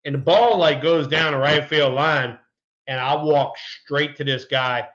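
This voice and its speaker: Profane ex-ballplayer telling stories, lo-fi. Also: male voice, on the high side, unhurried. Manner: relaxed, profane, colorful anecdotes. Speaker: former pro baseball player, podcast co-host. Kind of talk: casual sports chat and storytelling.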